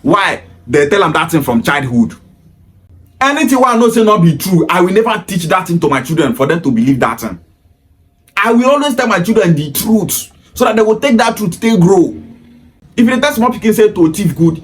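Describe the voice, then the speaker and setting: A man's voice: high-pitched, animated, fairly quick. A Nigerian man with a Pidgin-inflected English accent, delivering an emphatic, repetitive opinion monologue in a lecturing tone. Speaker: commentator.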